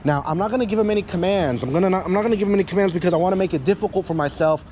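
A chatty male dog trainer coaching an owner outdoors. His voice sits a little high and sounds warm and mellow, with faint traffic in the background. He keeps checking in with "yeah?" and "okay?" and drops curses casually. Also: rapid-fire, poor audio. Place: outdoors by a parking area with cars.

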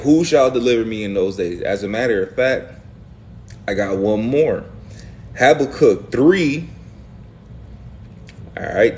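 A man leading a lively Bible study discussion, speaking emphatically and casually, reading verses aloud and acting out the prophets' words. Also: medium pitch.

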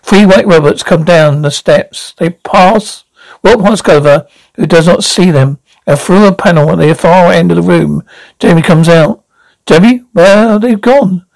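A man's voice: on the high side, normal speed, vocal fry, dry recording, rough recording. A man reading stage directions aloud in a plain way, with slips and restarts. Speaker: reader.

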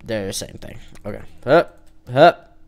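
A man chats loosely over his gameplay, teasing the characters on screen and joking to his viewers. His voice is smooth and clear, with a lively, swinging pitch, and he takes his time between lines. Keyboard typing can be heard faintly behind him. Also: measured pace. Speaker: gamer playing an online role-playing game. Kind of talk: casual let's-play commentary.

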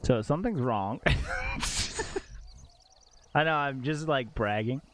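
Excitable young man streaming a game. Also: medium pitch, takes it slowly, a little hiss or hum. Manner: excitable, exclaims and laughs often. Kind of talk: casual live-stream chat. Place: home streaming setup.

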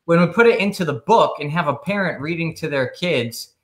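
A man's voice: fairly high pitch, lively intonation, brisk, echoey room, a crowd in the background. A man who is a psychologist and author, earnestly explaining his ideas in a casual interview. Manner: earnest, explaining at length with restarts.

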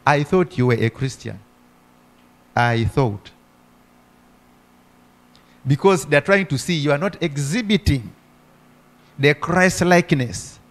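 Higher-voiced man preaching a sermon. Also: fairly bright tone. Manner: preaching with rhetorical questions and repeated hallelujahs. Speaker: pastor.

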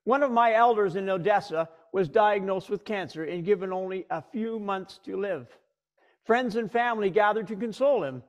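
A middle-aged man preaches with a fairly high voice. He retells the scripture dramatically, rising sharply for quoted voices and dropping low and quiet for solemn moments. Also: dull audio. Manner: dramatic retelling with shifting pitch and pauses. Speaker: pastor. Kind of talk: sermon.

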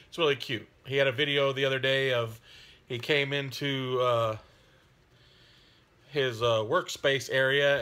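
A man talking casually on his hobby channel, friendly and rambling, with frequent pauses and fillers. His voice has a bright, forward ring. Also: mid-range voice. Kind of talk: casual chat.

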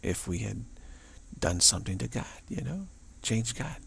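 Male spiritual teacher, casual talk; deep, gravelly, very husky voice, musing, repeats himself, outdoors. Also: very animated, moderate pace, a bit bright, slight background noise. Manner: musing, repeats words, acts out quoted voices. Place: outdoors in the evening.

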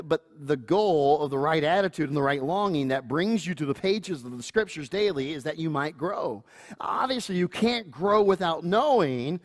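A middle-aged man, the pastor, preaching a sermon earnestly, with playful asides and chuckles and acting out family members in a higher voice. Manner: acts out quoted family voices in higher pitch.

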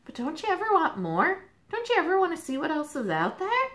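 A woman voicing a bored, restless male state in a picture book, complaining in a drawn-out way, in a roomy space. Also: very high voice, huge pitch swings, a bit bright, pitched above the performer's own voice, full character voice. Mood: eager. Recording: roomy echo.

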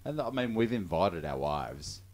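A man's voice: low-pitched, sing-song, unhurried, darkish tone. A man hosting a podcast in casual chat, rambling with fillers and restarts. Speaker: podcast host.

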